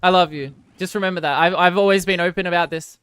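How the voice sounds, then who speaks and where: A woman's voice: on the low side, steady tone, fast talker, fairly bright tone, smooth, no echo. A woman streamer chatting casually with viewers, rambling and apologizing in a self-deprecating way.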